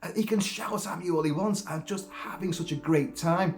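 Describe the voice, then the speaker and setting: A man putting on an eager, starstruck young male actor who gushes about how much he is learning, in a higher voice. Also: moderate pace, soft background music, natural voice. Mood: gushing. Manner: gushing, enthusiastic.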